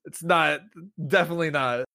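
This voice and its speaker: A man chiming in with quick, stumbling asides in casual chat. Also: on the high side, sharp tone, no room sound, clean studio sound. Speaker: podcast co-host.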